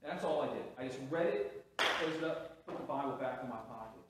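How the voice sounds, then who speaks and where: A man's voice: medium pitch, animated, brisk, very noisy. A man preaching a sermon as pastor, telling a story with restarts and rising emphasis. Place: church sanctuary. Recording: very echoey hall, from a distance.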